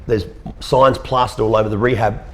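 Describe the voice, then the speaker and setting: An Australian man in his thirties, his voice lowish and his intonation fairly even, tells a personal story as an interview guest. He speaks earnestly but haltingly, often repeating words.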